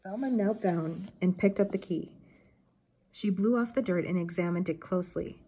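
Brief: older woman reading a kids' book aloud, husky, lowish voice. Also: moderate pace, dark tone, low-quality recording.

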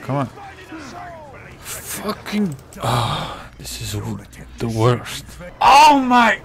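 Male gamer, gameplay commentary, exasperated, cursing, muttering, mid-pitched voice. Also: sing-song, extremely slow. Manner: exasperated, swears a lot, mutters to himself. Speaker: let's play gamer.

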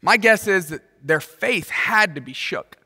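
A man preaching a sermon as pastor, animated and playful, acting out the people in the story. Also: high-pitched, measured pace, breathy edge, in a large hall. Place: large church auditorium.

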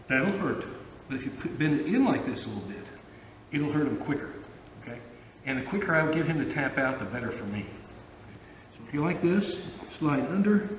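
A man's voice: on the high side, reverberant, big-room sound, distant mic, slight background noise, rough recording. A man teaching a judo arm lock, explaining in an informal way with repeated okay checks. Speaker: judo instructor. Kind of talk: instructional demonstration and commentary.

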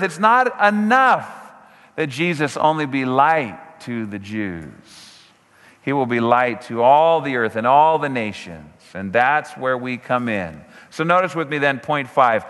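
A man preaching a sermon as pastor, emphatic, slowing down on key phrases and swinging his pitch up and down. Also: sing-song, fairly bright tone. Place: church sanctuary. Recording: church hall reverb.

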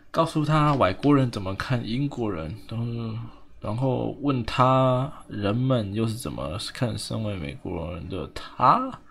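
A man's voice: on the low side, creaky, bright, forceful tone. A man with a Taiwanese Mandarin accent giving casual, joking commentary on a game he is playing. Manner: joking, mocking, laughing asides. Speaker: game streamer. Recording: faint background noise.

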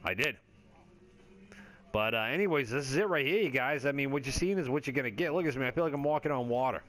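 A man's voice: medium pitch, lively intonation, quick pace, fairly bright tone. Rambling, laid-back man narrating gameplay. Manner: rambling, joking, swears freely; laid-back stoner chatter with frequent fillers. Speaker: gaming video creator. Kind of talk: casual gameplay commentary.

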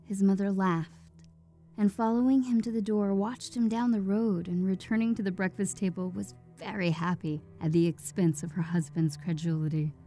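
A woman reads a dark old tale aloud in a steady, measured manner, her tone soft and mellow rather than bright. Faint music plays beneath the narration. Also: mid-range voice. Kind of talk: scripted storybook narration.

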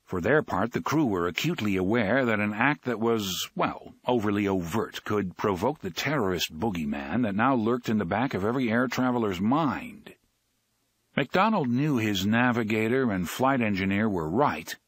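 A man narrating an audiobook in an expressive, dramatic reading. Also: fairly low pitch, normal speed, breathy edge, no room sound.

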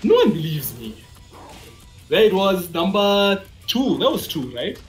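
Excitable man, fighting game commentary, very animated pitch, faint music behind. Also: unhurried. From Africa. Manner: excitable, disbelieving, laughing. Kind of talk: esports commentary.

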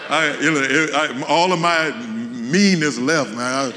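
A man, a bishop, preaching a sermon as an animated storyteller, with folksy asides and frequent restarts. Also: medium pitch, moderate pace, few pauses, long reverb tail, background noise.

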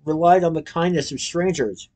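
A hopeful, whimsical young chocolatier, as a man reading a storybook puts him on. He talks in a soft, earnest and cheerful way, a touch higher than most men. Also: moderate pace, natural voice.

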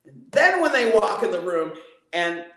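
An animated woman voice coach who talks as a guest on a live-streamed interview, playful and showing points with her own voice. Her pitch leaps high and drops low all the time. The room around her rings with echo. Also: normal speed.

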